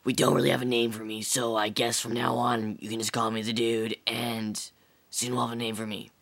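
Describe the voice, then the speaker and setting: A man's voice: mid-range voice, level tone, a little fast, vocal fry, fairly bright tone. A man voicing a laid-back, slang-heavy young dude character who drawls his words.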